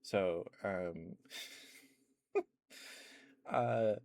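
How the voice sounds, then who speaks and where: A young man rambling through relaxed ASMR chat on a stream, with lots of filler words, at a close mic. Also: sits low, very slow, dry recording. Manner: rambling, meandering, full of "like" and "um" fillers. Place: home streaming setup.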